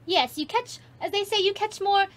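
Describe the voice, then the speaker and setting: A woman's voice: extremely high pitch, normal speed, a bit bright. A woman playing in a tabletop game, talking in a hesitant, rambling way. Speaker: player. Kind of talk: tabletop role-play chat.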